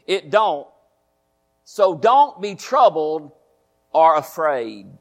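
A man's voice: a little high, very animated, very slow. A man preaching a sermon as pastor, folksy and repetitive, often asking his congregation questions. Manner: folksy, repeats phrases, asks the congregation questions.

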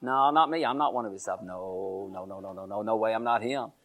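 A man preaching acts out the apostle Peter as a grown man who repeats his flustered, frightened denials in a low, hushed voice. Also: fast talker, close to an everyday voice. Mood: panicked denial.

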